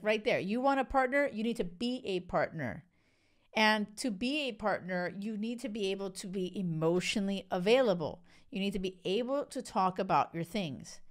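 Solo podcast host, female, coach type, frank and chatty, clean smooth tone. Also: mid-range voice. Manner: frank, animated and conversational, with frequent quoted self-talk.

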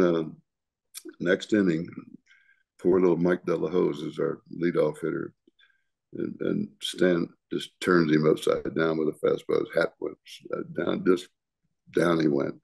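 A man's voice: low voice, vocal fry, a little mellow. An older man, a retired ballplayer, telling profane stories in a casual interview and chuckling often. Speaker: retired baseball pitcher.

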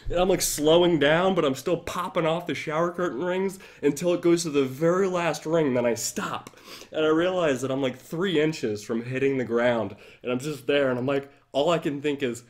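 Man, livestream host, casual chat, animated storytelling, dramatic retelling. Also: a little high, normal speed.

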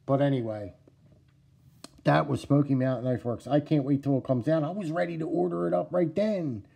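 A middle-aged man with a New Jersey accent chatting casually to camera about knife collecting, excitable and repetitive, calling his viewers "guys" and "yous.". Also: fairly high pitch, moderate pace, creaky, slightly rough. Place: at home indoors.

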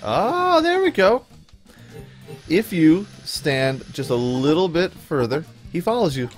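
A man's voice: on the high side, very animated, takes it slowly, faint music behind. A man casually commenting on his own gameplay video in a playful, goofy way, often chuckling. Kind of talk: casual let's play commentary.

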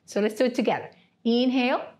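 Higher-voiced woman guiding yoga. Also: steady tone, fast talker. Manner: gentle, coaching cues with frequent "right?". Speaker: yoga therapy instructor. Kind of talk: guided seated yoga class.

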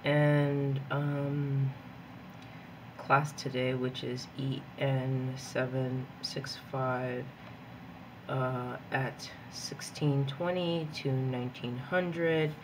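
A woman's voice: rumbling low, extremely slow, noisy background. A young woman who teaches and studies, chatting casually and rambling as she plans her week in a journal, a little hyped up on coffee. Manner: rambling, chatty, giggly and easily excitable. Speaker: planner vlogger; graduate student and teacher. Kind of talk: casual chat while journaling.

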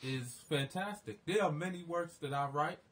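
A man in a casual podcast roundtable, offering measured advice. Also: fairly high pitch.

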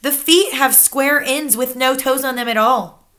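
A woman's voice: high voice, measured pace, sharp tone, voice pushed up. A woman reading aloud the part of a stern, wise old grandmother, in a firm, matter-of-fact way. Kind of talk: children's book read-aloud.

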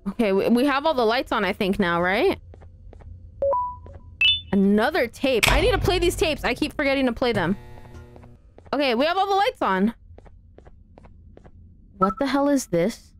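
A woman's voice: fairly high pitch, big pitch swings, moderate pace, pauses often, soft background music. Chatty woman streaming a game. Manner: chatty, playful, talks to chat. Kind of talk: live gameplay commentary.

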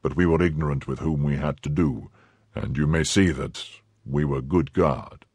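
A man voicing a low, courteous musketeer. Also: normal speed, darkish tone, breathy edge, no room sound. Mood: guarded. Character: firm, courteous male musketeer.

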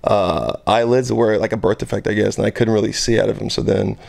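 Man in his 30s, deep, very gravelly, rambling, hesitant guest. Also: steady tone, quick pace, a little mellow. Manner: rambling, hesitant, lots of fillers. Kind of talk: casual interview chat.

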